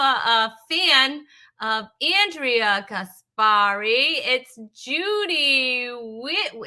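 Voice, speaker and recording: Bright-voiced woman hosting a chatty comedy stream. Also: fairly high pitch. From Rhode Island, USA. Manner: chatty, joking, greets viewers by name; self-deprecating asides, trailing restarts. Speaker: host of a live comedy web show. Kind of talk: casual live-stream chat.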